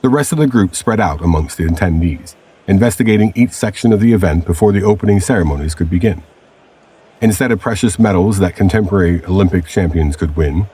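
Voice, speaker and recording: A man with a very low, husky voice narrates a scripted time-travel story. He reads in a steady, measured way, like a storybook read aloud.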